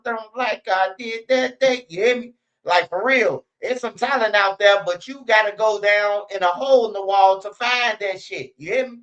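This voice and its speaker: A man's voice: high-pitched, bright, forceful tone, rough recording. A man giving blunt, slangy commentary and mocking others with sing-song impressions. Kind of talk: ranting commentary.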